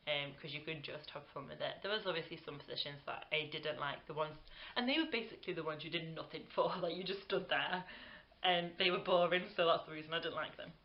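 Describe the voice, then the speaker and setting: A woman's voice: deep voice, highs cut off. A British woman in her twenties chatting casually to camera, rambling with lots of "um" and "like" and laughing easily. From Britain. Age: 20s. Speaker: vlogger.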